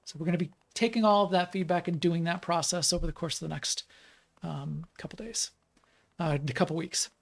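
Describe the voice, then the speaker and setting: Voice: mid-range voice, fairly even intonation, fairly quick, gravelly. A game developer from the United States chats in a rambling way during a live stream, full of fillers and restarts while playing the game. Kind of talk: live stream gameplay chat.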